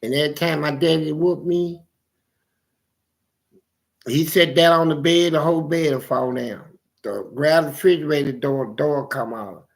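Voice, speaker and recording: Speaking at a normal speed with long pauses, this man has a fairly high, gravelly voice. In a casual chat he animatedly relates personal stories, voicing his family members along the way.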